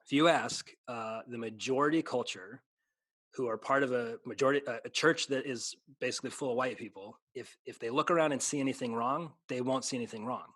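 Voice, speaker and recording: A man's voice: mid-range voice, brisk, fairly bright tone, dry recording. A man who is a pastor in a casual conversation, speaking earnestly, restarting sentences and slipping into a preaching cadence. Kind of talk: casual chat.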